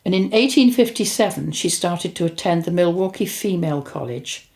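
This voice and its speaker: A woman's voice: lowish voice, animated, moderate pace, a little mellow. An older woman with a chatty, rambling way of telling stories about her spiritual experiences, often correcting herself. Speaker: host recounting spiritual experiences. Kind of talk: casual storytelling and reading aloud.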